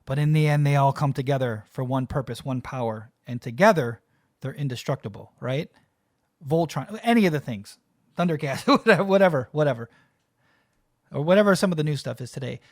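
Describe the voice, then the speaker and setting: A man's voice: medium pitch, expressive, a little fast, no room sound, clean studio sound. A man hosting a reaction video, talking casually and emotionally to his viewers as he watches. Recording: loud music playing behind voice.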